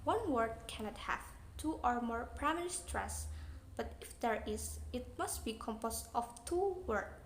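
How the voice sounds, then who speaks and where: A woman's voice: a little high, animated, measured pace. A young woman with an Indonesian accent reads out an English pronunciation lesson in a plain explaining manner. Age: young adult. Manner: plain, read-aloud explaining. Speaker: student presenter. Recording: echoey room, faint noise.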